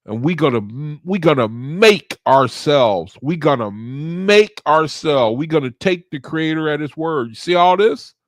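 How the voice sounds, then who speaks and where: A man hosts a study group livestream from his computer, slow and unhurried, his fairly high voice swinging up and down. He chats with viewers, repeating his questions. The sound is dry and close. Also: lively intonation, dry recording. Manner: repeats phrases, asks the chat questions. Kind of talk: casual livestream talk with chat.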